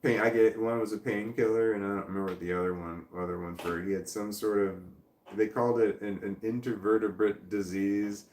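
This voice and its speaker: A man's voice: on the low side, fairly even intonation, a little fast, a little mellow, reverberant, a little hiss or hum. A man hosting a casual livestream, rambling and chuckling as he reads viewer comments aloud and trails off mid-thought. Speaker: livestream host.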